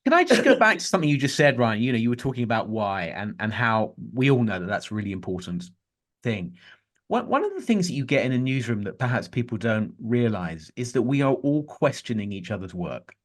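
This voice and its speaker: A middle-aged man, a journalist guest on a podcast who tells animated stories and restarts his sentences often. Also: mid-range voice, brisk. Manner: animated storyteller, frequent restarts. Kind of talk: conversational interview.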